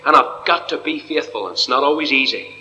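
A man preaching an evangelical sermon to a congregation in church, impassioned, dropping to a hush and then rising high. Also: animated, a little fast, a little hiss or hum. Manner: impassioned, swinging from hushed to soaring. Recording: long reverb of a hall.

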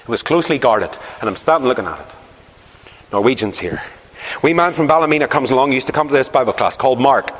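A man's voice: mid-range voice, animated, fast. A man preaching a sermon, telling stories and asking rhetorical questions with emphasis. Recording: long reverb of a large hall.

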